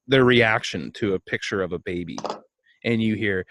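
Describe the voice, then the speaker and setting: A man co-hosting a casual comedy chat, telling a story in a halting, self-deprecating way and acting out the voices of the people in it. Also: lowish voice, no room sound. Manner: animated storyteller, acts out voices. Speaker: podcast co-host.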